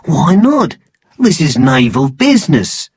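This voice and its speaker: A man's voice: a little high, big pitch swings, takes it slowly, darkish tone, husky, voice pushed up, heavily acted. A man reading a storybook, voicing an anxious, insistent male scientist in a raised voice. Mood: eager.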